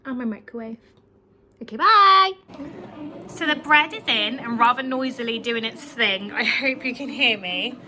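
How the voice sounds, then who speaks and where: A woman's voice: fairly high pitch, moderate pace, hardly any pauses, pushed and bright, a little hiss or hum, rough recording. A woman with a British English accent talking casually and cheerfully in a home cookery vlog, laughing often. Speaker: vlogger, homemaker. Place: home kitchen.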